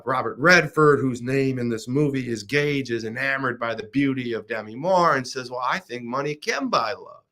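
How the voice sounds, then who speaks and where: A man's voice: mid-range voice, bright, forceful tone. A middle-aged man hosting a show, animatedly retelling a film plot in a casual monologue with frequent restarts. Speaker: podcast host.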